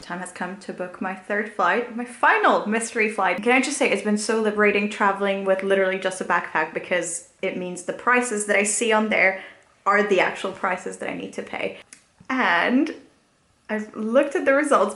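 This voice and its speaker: A woman's voice: mid-range voice, normal speed, fairly bright tone. A young woman talking casually to a handheld camera as a travel vlogger, upbeat and chatty, often laughing. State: out of breath walking uphill. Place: outdoors and indoors while traveling. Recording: music playing underneath.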